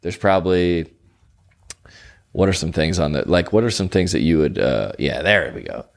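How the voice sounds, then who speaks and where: Young male podcast host, low voice, casual and rambling, animated storyteller. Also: moderate pace, gravelly. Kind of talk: casual chat.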